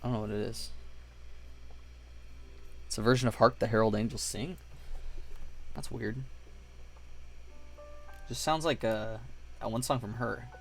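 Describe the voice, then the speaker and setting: A man's voice: fairly low pitch, fairly even intonation, measured pace, pauses often. A man chatting casually on his livestream while building models, telling rambling stories, acting out voices and sound effects, and swearing freely. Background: faint music playing.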